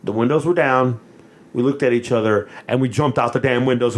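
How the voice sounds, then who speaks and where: A man from Texas, co-hosting a podcast and telling a story in a loose, animated way, laughing often and cursing freely. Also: medium pitch, a little fast. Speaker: podcast co-host. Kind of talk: casual storytelling chat.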